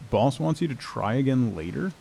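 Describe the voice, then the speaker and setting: A man with a dark, gravelly voice chatting casually while he plays a game on stream. His pitch swings freely as he talks to his cat and his viewers. A faint noise sits under the voice. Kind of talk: casual gameplay commentary.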